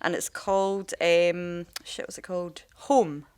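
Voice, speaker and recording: A woman's voice: fairly low pitch, fairly even intonation, measured pace, a little mellow, clear, resonant tone. A woman, a makeup artist co-hosting a podcast, telling stories in casual, rambling, sweary chat. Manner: rambling, sweary storytelling with many fillers.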